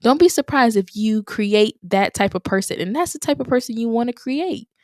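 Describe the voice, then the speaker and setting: A woman's voice: on the high side, lively intonation, normal speed, a little mellow, no room sound. Woman host with a dry close sound. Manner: encouraging, repeats phrases for emphasis. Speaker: podcast host. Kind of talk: motivational solo podcast talk.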